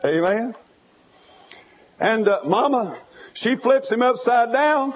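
Husky high-voiced preacher. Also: male voice, expressive, slow pace, highs cut off. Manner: fiery storytelling, swinging between hushed and shouting. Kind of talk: sermon.

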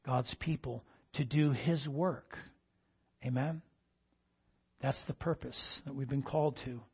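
A man's voice: medium pitch, vocal fry, slightly rough, lo-fi sound. A male pastor preaching a sermon and asking the congregation "amen?" between points. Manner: call-and-response, repeating "amen?" to the congregation.

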